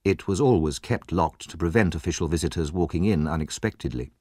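A man narrating a classic story in a measured, expressive reading voice. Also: a bass voice, no room sound, clean studio sound.

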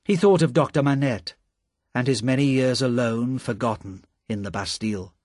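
A man narrating a story in a calm, measured reading voice with a husky tone. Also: medium pitch, dry recording, studio quality.

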